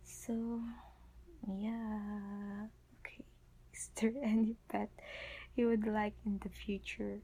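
A young woman whispers through a sleepy late-night question-and-answer vlog, her tired voice husky and gravelly. She talks very slowly in a dark, mellow tone, trailing off and restarting as she rambles. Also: mid-range voice, little pitch movement, low-quality recording.

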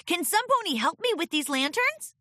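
A woman's voice: very high-pitched, very animated, normal speed, pushed and bright, no echo, clean studio sound, voice pushed up, exaggerated voice. A woman voicing a small, playful filly pony, a young girl who pleads and giggles. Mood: pleading.

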